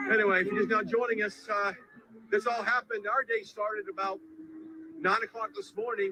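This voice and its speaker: A man reporting live from a crowd outdoors, talking in halting, breathless bursts as he reacts on the spot. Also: high voice. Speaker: field reporter. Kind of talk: live on-scene news commentary. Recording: noisy outdoor crowd recording.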